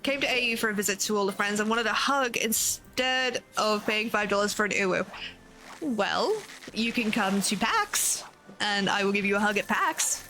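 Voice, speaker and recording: Australian woman streamer, chatty and sweary, mid-pitched voice, music playing underneath. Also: moderate pace, sharp tone. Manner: chatty, swears freely, thanks viewers. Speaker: game streamer. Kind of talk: casual live-stream chat while gaming.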